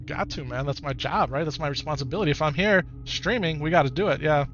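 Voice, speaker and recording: Streaming a game live, a man from Wisconsin with a matching accent comments on gameplay while reading chat, talking comfortably with viewers and often echoing his own phrases. He speaks at a quick pace in a slightly high, fairly bright voice. The recording sounds muffled, with a bit of background noise.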